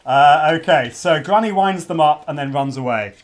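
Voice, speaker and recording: There's a faint hiss or hum behind this middle-aged man's fairly high voice as he talks at a moderate pace. Hosting a live stream launch party, the podcast host keeps things casual and chatty, frequently starts over, and gets interrupted by kids.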